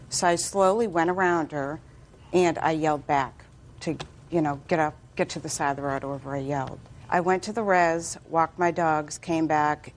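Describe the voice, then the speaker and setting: A woman plaintiff telling her side in court, indignant and quick. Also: deep voice, a little mellow, slight background noise. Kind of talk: courtroom testimony.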